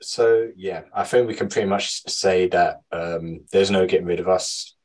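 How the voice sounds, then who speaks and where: A man's voice: low voice, moderate pace, darkish tone. A man in his twenties, reading out old messages with dry teasing in a casual chat.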